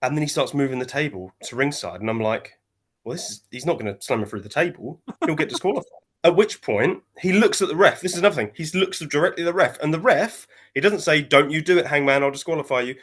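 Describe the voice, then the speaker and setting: A man, co-hosting a casual wrestling chat and retelling a match in an animated way, jumping into quoted voices. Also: fairly high pitch, fast, husky. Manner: animated storytelling, acting out quotes in shifting voices. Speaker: wrestling podcast co-host.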